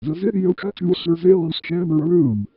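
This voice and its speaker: A synthetic text-to-speech man's voice reading a horror story in a flat, evenly paced way. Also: fairly high pitch, fairly quick, no echo, muffled recording. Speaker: narrator. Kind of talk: scripted horror story narration.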